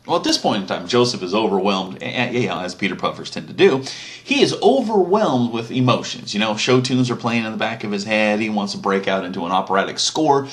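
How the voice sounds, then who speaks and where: A man's voice: lowish voice, lively intonation, a little fast. A man telling an old story as a casual, crude comedic retelling, full of swearing and asides. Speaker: comic storyteller.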